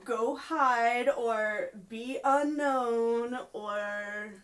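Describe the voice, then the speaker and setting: A woman's voice: a little high, extremely slow, low-quality recording. A woman playing in a tabletop role-playing game, speaking hesitantly and rephrasing herself. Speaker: player. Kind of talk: casual tabletop game play.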